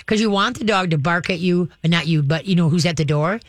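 A man hosting a call-in radio show, giving folksy, animated dog-training advice to callers. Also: high-pitched, brisk, dry recording. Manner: folksy, animated, acts out dogs and owners.

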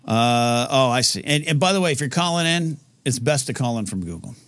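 A man hosting a live call-in show in casual chat, rambling and halting with many restarts. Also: mid-range voice, animated, a bit bright, no room sound.

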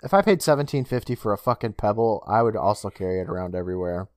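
Lively, animated man recapping a show. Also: on the low side, quick pace, no room sound, studio quality. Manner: animated, swears, mimics characters while recapping. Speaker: podcast co-host recapping an episode. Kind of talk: casual chat, retelling scenes.

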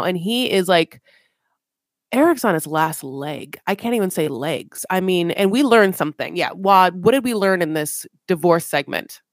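A woman co-hosting a chatty recap podcast, full of playful sarcasm and over-the-top asides. Her voice sits at a middle pitch and comes across close and dry, with no room sound around it. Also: no echo. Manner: playful, sarcastic, mock-dramatic. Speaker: podcast co-host. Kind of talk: casual reality-TV recap chat.

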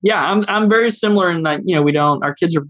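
Relaxed man guest, dry close sound. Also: fairly high pitch, fast, no room sound. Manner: relaxed, self-deprecating, laughs along. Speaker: guest, business owner. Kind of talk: casual conversational interview.

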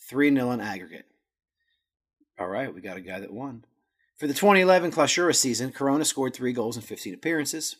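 A man's voice: mid-range voice, a bit bright, husky. A man hosting a podcast, walking through a footballer's career in casual talk, stumbling over Spanish words and poking fun at himself. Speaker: podcast host. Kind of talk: casual stats rundown.

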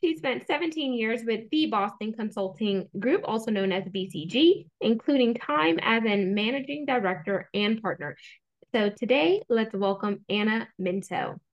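An upbeat woman hosts a podcast interview in a slightly high, expressive voice at normal speed. Bright and playful, she runs it like a game show host.

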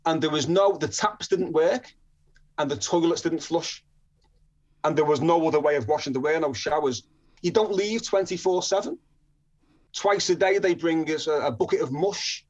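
Northern man, storytelling, rambling restarts, fairly high voice, dull lo-fi sound. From northern England. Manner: chatty, frequent restarts and chuckles. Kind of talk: personal storytelling.

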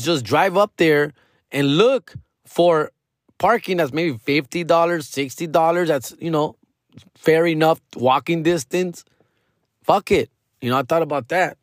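A man's voice: a little high, lively intonation, normal speed, no room sound, clean studio sound. A middle-aged man hosting a comedy podcast, telling a rambling, profane story full of slang and Spanish asides.

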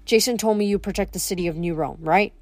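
A woman voicing a calm, clever teenage girl leader who speaks in a diplomatic, firm way. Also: mid-range voice, quick pace, no room sound, close to an everyday voice.

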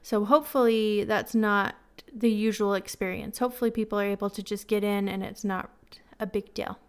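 Chatty woman hosting a podcast, smooth voice. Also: medium pitch, steady tone, moderate pace. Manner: chatty, candid, self-deprecating; gives friendly advice. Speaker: podcast host. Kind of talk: casual storytelling podcast.

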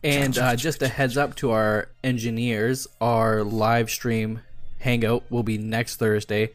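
A man co-hosting a casual podcast, relaxed, slowing down to read out promos. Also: mid-range voice, dry recording. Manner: relaxed, reads promos slowly and deliberately. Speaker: podcast co-host. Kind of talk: casual chat.

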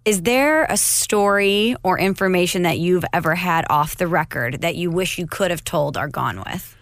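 A woman with a fairly low voice hosts a relaxed conversation, keeping it chatty and light. The recording is dry and close. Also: dry recording. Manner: conversational, quick to laugh. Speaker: podcast host, interviewer. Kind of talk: casual interview.

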